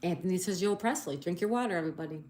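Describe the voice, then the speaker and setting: A woman's voice: lowish voice, expressive, rapid-fire, a little mellow. Woman hosting a chatty livestream. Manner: reads viewer comments aloud, cheerful greetings. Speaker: livestream host. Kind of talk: casual live chat reading comments. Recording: echoey room, faint background noise.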